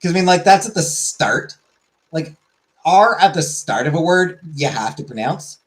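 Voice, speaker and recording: A man hosting a casual chat show, reading viewer comments in a quick low murmur and answering them more loudly. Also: expressive, poor audio. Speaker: show host.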